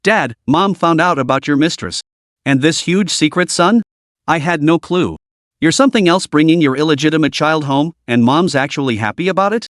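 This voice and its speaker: Storybook recap: man reading a flippant, spoiled teenage young master, lively and fairly high-pitched. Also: normal speed, no room sound, studio quality, lightly acted. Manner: plain storytelling read, little change of voice. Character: spoiled rich teenage boy, flippant and rude.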